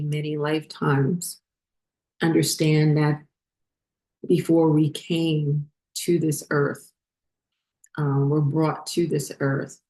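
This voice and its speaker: A woman hosting a spiritual vlog, talking unhurriedly with many fillers as she glances at her notes, her voice getting hoarse. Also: low voice, dark tone. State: losing her voice. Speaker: spiritual channel host.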